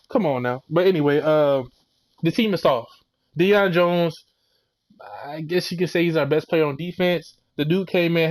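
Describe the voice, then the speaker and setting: Young male fan ranting a game recap: fairly high voice, heated, rambling, profane. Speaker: sports fan video creator.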